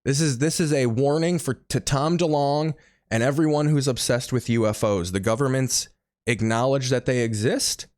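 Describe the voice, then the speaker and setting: A man's voice: medium pitch, moderate pace, a little mellow, no echo. Male comedy podcast host, sarcastic and profane, riffing over clips, dry close sound.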